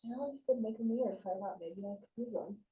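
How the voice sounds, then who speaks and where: Young woman student, dark and distant. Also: medium pitch, fast talker, a little hiss or hum. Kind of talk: classroom chat. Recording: dull distant room recording.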